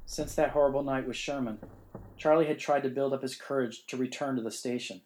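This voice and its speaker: A man reading a ghost story in measured, suspenseful narration. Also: mid-range voice, fairly even intonation, music in the background, poor audio. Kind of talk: scripted narration.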